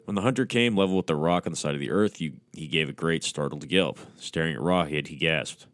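A man with a very low voice reads a horror story aloud, breaking in with crude, mocking asides. The sound is close and dry, with no room around it. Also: a little fast, hardly any pauses, fairly bright tone, no echo. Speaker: podcast host. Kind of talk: sardonic horror story reading.

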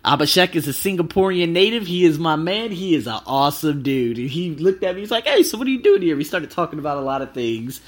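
Animated, excitable thirty-year-old man. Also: fairly high pitch, brisk, few pauses. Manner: animated, excitable, swears freely. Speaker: travel vlogger. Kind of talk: casual storytelling.

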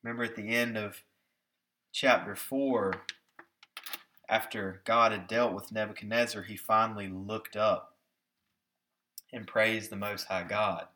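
A man preaching a sermon with emphasis, slowing down to stress key words and putting rhetorical questions to his listeners. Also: on the low side, steady tone, sharp tone. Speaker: pastor.

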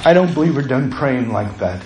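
A man's voice: mid-range voice, lively intonation, moderate pace, echoey room, slight background noise, poor audio. A middle-aged man, a pastor, preaching a passionate sermon to his church that builds to urgent pleas.

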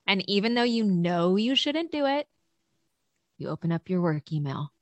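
A woman co-hosting a podcast for teachers, lively and chatty, laughing easily as she talks. Her voice sits at an ordinary middle pitch and sounds dry and close to the mic. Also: normal speed, no room sound. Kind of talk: casual podcast chat.

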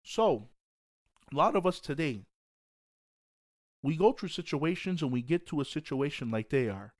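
A man's voice: fairly high pitch, expressive, moderate pace. A man hosting a devotional podcast, talking in an emphatic, preaching way with repeated exhortations. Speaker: podcast host.

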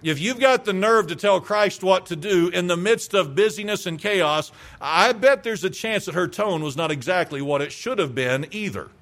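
A man's voice: high-pitched, expressive, moderate pace, hardly any pauses, fairly bright tone. A male pastor preaching a sermon, emphatic, asking rhetorical questions and repeating phrases for weight.

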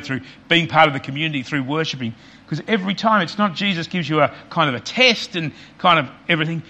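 A man preaching a sermon as pastor, earnest and repetitive for emphasis, often dropping quiet on key points. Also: on the high side.

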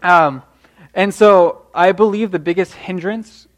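A young man delivers a sermon with earnest encouragement. His voice sits a little high for a man, and he often stumbles and restarts his phrases as he talks. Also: slow pace. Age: young adult. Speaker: preacher.

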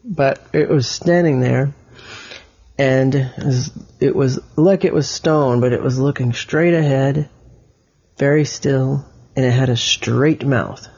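A man telling an improvised story to a child. He speaks haltingly, restarts often, and pauses to explain words as he goes. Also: medium pitch, fairly even intonation, creaky, a little mellow, slightly rough, lo-fi sound.

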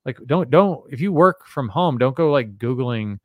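A man's voice: medium pitch, animated, moderate pace, no echo, studio quality. A man in his thirties co-hosting a podcast, chatty and joking, acting out other people's lines. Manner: chatty, joking, acts out quotes. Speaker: podcast co-host. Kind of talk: casual chat.

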